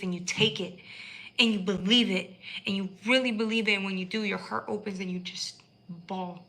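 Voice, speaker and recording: A woman's voice: medium pitch, sharp tone, low-quality recording. A woman giving a tarot reading on a live stream, talking in an emphatic, emotional way and swearing freely. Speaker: tarot reader.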